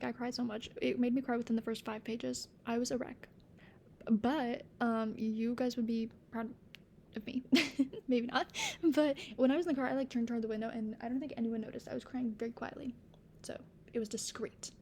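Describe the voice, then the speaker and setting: A young woman chats to camera about her favorite books, gushing and giggling, now and then sinking to a near-whisper. Her voice sits a little high, with a gravelly edge and a mellow tone. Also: a little hiss or hum. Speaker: book vlogger. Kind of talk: casual chat to camera.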